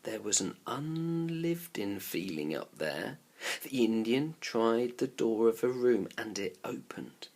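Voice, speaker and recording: A male teacher reads a children's novel aloud to his class. His delivery is expressive and storybook-like. At tense parts he drops his voice to a near whisper. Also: fairly low pitch, slow.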